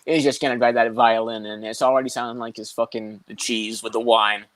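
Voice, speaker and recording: A man's voice: mid-range voice, flat delivery, brisk, a bit bright, dry recording. A man co-hosting a casual podcast, swearing often and laughing as he rambles. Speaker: podcast co-host. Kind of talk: casual chat about MMA.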